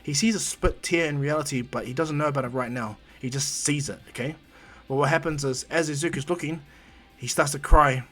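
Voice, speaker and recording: A man's voice: a little high, a little fast, a bit bright. A man improvising a fan fiction story in a rambling, conversational way.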